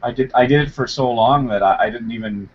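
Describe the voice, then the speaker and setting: A man's voice: mid-range voice, fast talker. A man from Canada, joking in a dry, slightly hesitant way during a casual voice chat. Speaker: chat participant. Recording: lo-fi chat with faint noise.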